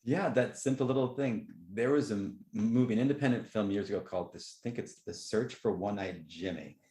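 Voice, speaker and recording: A man hosting a podcast, telling movie stories in a rambling, excitable way. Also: fairly quick, reverberant. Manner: rambling, excitable storytelling with lively jumps in pitch. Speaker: podcast host. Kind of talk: casual chat.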